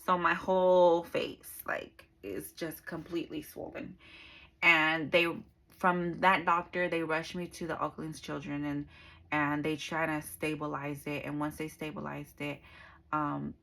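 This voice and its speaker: A woman's voice: sits low, little pitch movement, a little slow, creaky, a bit bright, rough recording. A young woman telling her personal faith testimony in a casual, conversational way, full of fillers and acted-out dialogue. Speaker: speaker giving a personal testimony.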